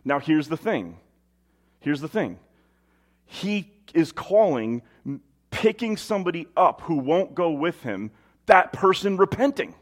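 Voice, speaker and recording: A man's voice: a little high, sing-song, measured pace. A man preaching a sermon, reading scripture aloud and asking rhetorical questions in a conversational way.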